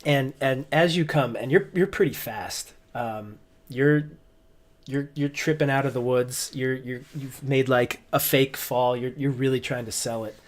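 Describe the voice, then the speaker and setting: A man's voice: mid-range voice, measured pace. A man narrating as game master, stumbling and restarting his sentences often. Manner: hesitant, many restarts and ums.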